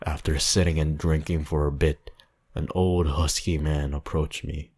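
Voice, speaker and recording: A man narrating a horror story in a slow, measured, somber reading voice. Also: rumbling low, level tone, darkish tone, breathy edge. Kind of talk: scripted narration.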